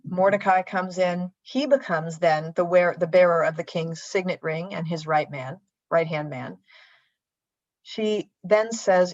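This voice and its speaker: A woman preaching in a church and retelling a story in a lively, conversational way, on a dull lo-fi livestream. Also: fairly low pitch, measured pace, dry recording. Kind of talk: sermon storytelling.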